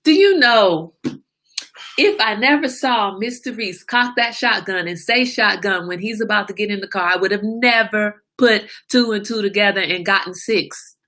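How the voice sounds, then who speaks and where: A woman's voice: mid-range voice, moderate pace, few pauses, sharp tone. A woman in her forties hosting a casual livestream chat, talkative and laughing, teasing her son with mock exasperation. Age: 40s. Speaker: livestream host.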